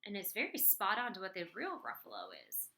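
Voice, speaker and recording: A young woman teaching first grade, explaining a reading lesson in a clear, encouraging way. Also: mid-range voice, huge pitch swings, brisk, sharp tone.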